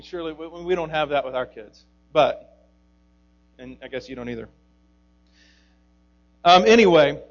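Joking man with a higher voice giving a casual sermon. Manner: joking, rambling, many fillers and asides. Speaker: youth pastor. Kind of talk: casual sermon to a youth group. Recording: dull lo-fi recording.

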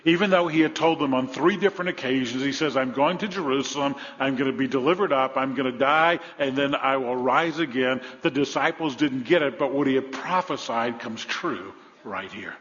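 A man's voice: moderate pace, few pauses. Man, pastor preaching, dynamic delivery, long hall echo, muffled sound. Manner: dynamic preaching, rising to loud emphasis then dropping low and soft; storytelling with humor. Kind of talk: sermon.

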